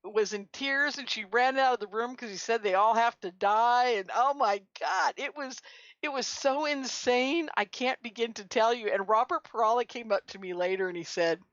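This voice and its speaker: A woman guest on a radio talk show, telling lively stories and laughing often. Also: on the high side, normal speed, no room sound. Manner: animated storyteller, laughs often. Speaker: guest, conference organizer. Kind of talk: casual radio chat. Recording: muffled lo-fi audio.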